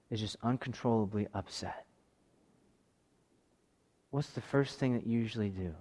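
A man in his thirties preaching a sermon, moving between forceful raised passages and quiet, intimate tones. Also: medium pitch. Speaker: pastor.

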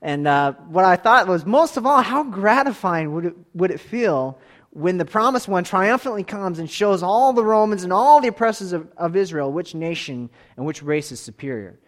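A man in his thirties teaching a Bible lesson to a church class, with a voice pitched a little high. He tells stories in a casual way and swings from soft asides to emphatic bursts. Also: animated, normal speed. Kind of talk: sermon-style Bible lesson.

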